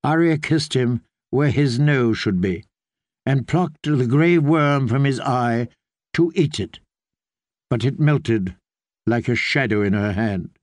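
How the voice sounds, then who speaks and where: A man with a fairly high voice reads the story at a slow, deliberate pace. His narration is measured and even, recorded close and dry with no room sound. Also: dry recording. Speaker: audiobook narrator. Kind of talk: scripted narration.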